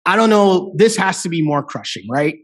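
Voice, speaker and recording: Man, high-pitched, podcast co-host, animated, chatty, casual talk. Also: moderate pace. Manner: animated and chatty, peppered with "like" and "right?". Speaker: sports betting podcast co-host.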